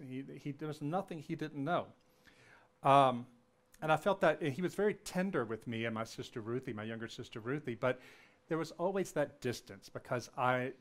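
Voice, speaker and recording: A middle-aged man raised in Louisiana tells a personal story from the lecture stage. His voice sits at an ordinary pitch, and he talks in a loose, anecdotal way. He perks up when he quotes people and often restarts his sentences with an um. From Louisiana, US South. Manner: anecdotal, animated when quoting, frequent ums and restarts.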